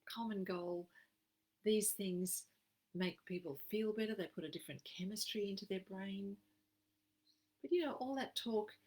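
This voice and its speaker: An Australian woman giving an expressive, emphatic live-streamed wellbeing talk as a program facilitator. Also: fairly low pitch, poor audio. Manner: expressive, emphatic, acts out quoted phrases.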